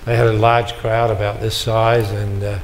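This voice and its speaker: Speaking before an audience in a large hall, an older motivational speaker tells stories and acts out dialogue with punchy comic timing. His fairly low voice moves little in pitch at a moderate pace. There is slight background noise, and the live recording has long reverb.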